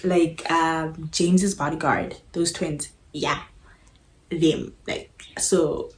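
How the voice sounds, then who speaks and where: A woman's voice: low-pitched, steady tone, slow pace. A young woman chatting casually to camera about a book, gushing and filling her talk with likes and ums. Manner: gushing, chatty, lots of fillers. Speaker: booktuber. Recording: echoey room with background noise.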